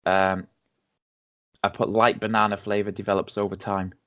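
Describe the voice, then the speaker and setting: A man co-hosting a podcast, reading out tasting notes in a relaxed, casual chat. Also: lowish voice, moderate pace, smooth, muffled recording. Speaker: podcast co-host.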